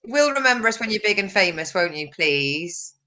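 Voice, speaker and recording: A woman's voice: medium pitch, very animated, brisk, sharp tone. A woman co-hosting a casual chat show over a video call, enthusiastic and teasing.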